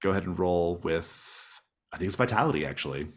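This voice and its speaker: A man acting as game master, narrating a tabletop game in a calm, measured way. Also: deep voice.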